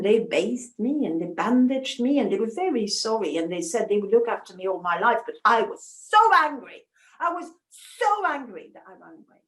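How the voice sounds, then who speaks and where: A woman's voice: high voice, reverberant. A woman storyteller telling a folktale in the first person, intimate and emotional, with asides to her listeners.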